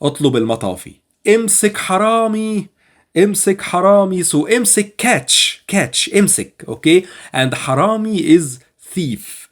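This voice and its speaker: Man, Egyptian accent, slightly high voice, patient teacher, repeats phrases. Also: very animated. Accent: Egyptian Arabic. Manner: patient, repeats each phrase slowly several times. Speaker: Arabic language teacher. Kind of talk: language lesson.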